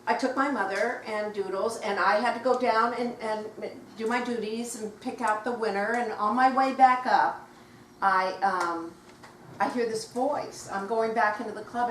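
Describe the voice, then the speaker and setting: A woman in her sixties, a guest author telling anecdotes to a live audience at a bookshop, animated and acting out voices as she goes. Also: medium pitch, a little slow. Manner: animated, acts out quoted voices, laughs while telling. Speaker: guest author at a book talk. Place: bookshop event room. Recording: roomy, distant mic, faint noise.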